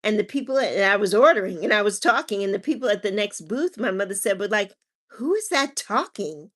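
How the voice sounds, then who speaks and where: A mother hosts a livestream, chatting casually, reading viewer comments aloud and laughing often. Her voice is medium-pitched and a bit bright, and she talks fast.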